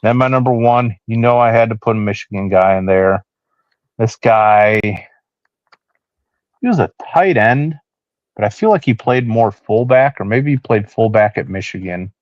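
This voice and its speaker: Low-voiced man rambling about sports. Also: normal speed, no room sound. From Cleveland, Ohio area. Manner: rambling, with many fillers and restarts. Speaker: podcast co-host. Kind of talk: casual sports chat. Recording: dull, dry lo-fi sound.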